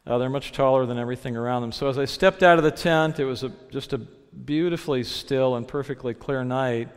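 A man preaching a sermon, telling his story in a reflective way. He slows down to lean on the phrases that matter. His voice sits in a middle pitch and carries a long reverb from a large hall. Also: smooth.

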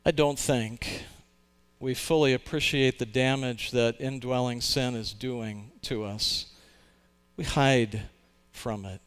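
A man preaching a sermon, earnest and emphatic. His voice is smooth and resonant. His pitch sits in the middle of a man's range. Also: steady tone, slow pace. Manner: earnest, emphatic, with occasional restarts. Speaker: pastor.

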